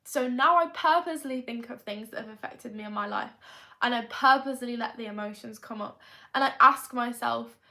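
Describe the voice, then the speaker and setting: Bright chatty young woman vlogging. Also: a little high, normal speed. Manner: chatty, rambling, tag questions. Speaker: manifestation coach. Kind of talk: confessional vlog monologue.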